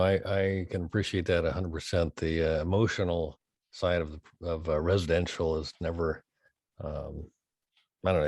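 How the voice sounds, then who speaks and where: Deep-voiced hesitant male host. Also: a little mellow, dry recording, clean studio sound. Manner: hesitant, halting with many fillers. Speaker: podcast host. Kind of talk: conversational interview questions.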